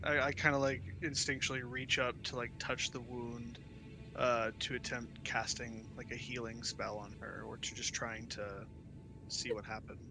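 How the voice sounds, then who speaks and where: A man's voice: mid-range voice, flat delivery, normal speed, over music. A man playing a tabletop game, hesitantly describing his character's actions. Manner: hesitant, full of "like" and "kind of". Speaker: player.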